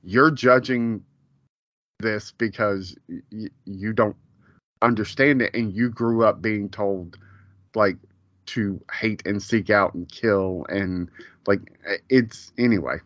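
A man's voice: lowish voice, slow pace, fairly bright tone, dry recording. A man in his forties, a podcast co-host, chatting casually and rambling with many fillers and curse words. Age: 40s. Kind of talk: casual chat. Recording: dull, lo-fi dry sound.

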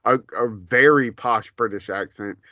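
Bright-voiced man telling stories. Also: lowish voice, a little slow, no echo, lo-fi sound. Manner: animated storytelling, laughs often. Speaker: podcast co-host. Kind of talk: casual chat.

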